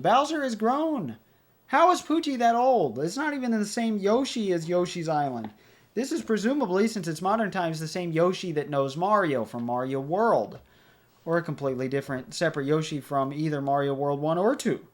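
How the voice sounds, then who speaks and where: A chatty let's play host talking through a puzzle game. The voice rambles casually with a lively, animated pitch. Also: moderate pace, faint music behind. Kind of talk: casual gameplay commentary.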